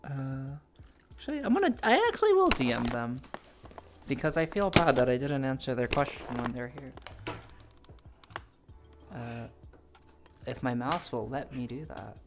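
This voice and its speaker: A woman streamer chatting casually with her viewers, bubbly, swinging between soft murmurs and high squeals. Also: big pitch swings, moderate pace, pauses often, over music. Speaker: live streamer.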